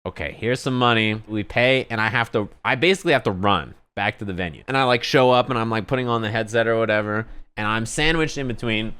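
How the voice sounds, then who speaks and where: Low, smooth-voiced male streamer telling a story. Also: quick pace, hardly any pauses. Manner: animated, profane, conversational storytelling. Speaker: streamer and commentator.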